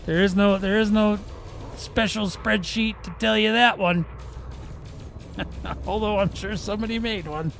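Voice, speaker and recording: Gravelly and fairly bright, his high voice stays fairly even and unhurried, pausing often, with slight background noise. He runs a gaming channel and offers playful, joking live commentary during play, adding mouth gun sounds.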